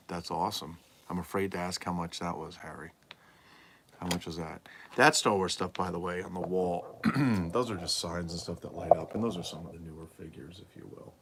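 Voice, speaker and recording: A man's voice: deep voice, creaky, slight background noise. A man hosting a casual livestream from a collectibles room at home, rambling and answering viewers' comments aloud. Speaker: livestream host and toy collector. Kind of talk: casual live-stream chat.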